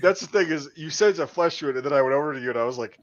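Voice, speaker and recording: A man casually chatting as a podcast host, swearing often and trailing off into quiet mumbles. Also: on the high side, racing, muffled recording, over a noisy crowd. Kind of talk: casual chat.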